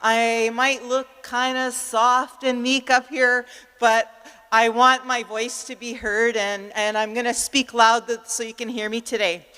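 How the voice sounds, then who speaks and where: An older woman from Manitoba, Canada, presenting at a conference and projecting her voice loudly as she tells her personal story. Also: a little high, flat delivery, unhurried, smooth. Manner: loud and warm, openly projecting. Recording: reverberant hall.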